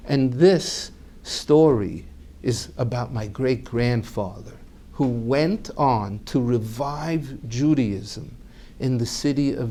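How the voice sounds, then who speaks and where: A man's voice: mid-range voice, darkish tone. A man telling a family story aloud, animatedly acting out each character's voice.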